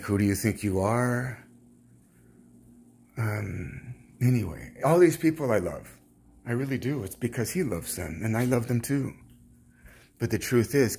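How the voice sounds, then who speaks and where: A man speaking as a self-styled prophet in a rambling religious monologue, fervent and halting, with many restarts. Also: mid-range voice, expressive, gravelly, darkish tone, a little hiss or hum.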